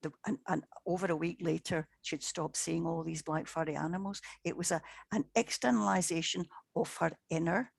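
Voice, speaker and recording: A woman's voice: fairly low pitch, fairly even intonation, normal speed, gravelly, hardly any pauses, husky, no room sound. A woman, a paranormal investigator, telling case stories in a chatty way, often repeating words and acting out what people said. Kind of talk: anecdotal storytelling in conversation.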